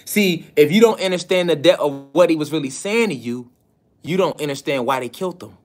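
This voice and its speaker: A man with a somewhat high voice gives a preaching-style lecture to his students. He presses the listener with rhetorical questions and repeats key phrases for emphasis. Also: fairly quick, faint music behind. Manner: hammers points with rhetorical questions.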